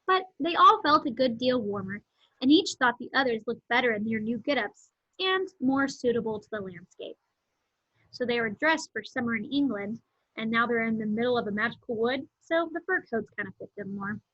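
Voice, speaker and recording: A woman reading a novel aloud, pausing to explain words and events in simple terms. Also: fairly high pitch, lively intonation, fairly bright tone, breathy edge, no echo. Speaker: read-aloud narrator. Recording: dull lo-fi home recording.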